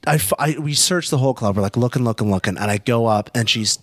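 A man's voice: mid-range voice, fast talker, no echo. A young man telling a wild story on a podcast, cursing freely and acting out the other people's voices. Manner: animated, profane, acts out voices.

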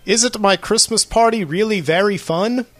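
A man doing a deliberately bad impression of a gushing, glamorous woman hosting a party. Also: high voice, dry recording, faint music behind, voice pushed up, lightly acted. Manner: a deliberately bad impression with a put-on foreign lilt. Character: gushing glamorous hostess woman, sweetly delighted.

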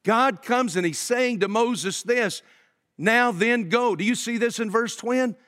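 A man preaching a sermon as pastor, emphatic and swinging between loud and hushed delivery. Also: very high-pitched, moderate pace. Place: church sanctuary. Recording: long hall reverb.

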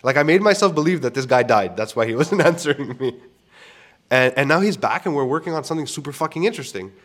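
A man's voice: mid-range voice, expressive, fast talker, fairly bright tone. A young man hosting a podcast, telling candid stories about clients in a casual, profane way with frequent restarts. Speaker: podcast host. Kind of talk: casual storytelling monologue.

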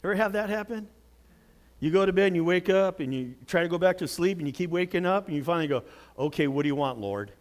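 A man preaching a sermon, telling a Bible story with dramatic swings from loud outbursts to hushed words. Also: sits high. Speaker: pastor.

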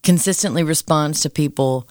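A mid-pitched podcast co-host explains ideas thoughtfully and at length, dropping in quick asides. The voice is close on the mic in a dry room. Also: darkish tone, no echo. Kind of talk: casual faith discussion.

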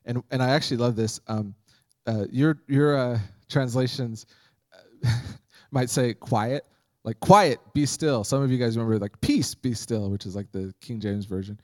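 A man's voice: mid-range voice, moderate pace, a little mellow, no room sound. A man preaching a sermon as pastor, conversational and humorous, acting out Bible scenes.

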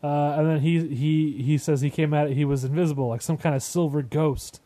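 A man's voice: fairly high pitch, fairly even intonation, brisk, mellow. A man co-hosting a podcast from home, chatting casually about a TV episode and laughing often. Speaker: podcast co-host. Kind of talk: casual chat recapping a TV episode. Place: home, kids audible outside.

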